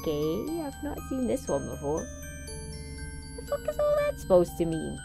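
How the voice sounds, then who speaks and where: A woman's voice: lowish voice, huge pitch swings, normal speed, vocal fry, music in the background. A young woman commentating a horror game as she plays, sweary, sarcastic and jumpy. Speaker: let's play gamer.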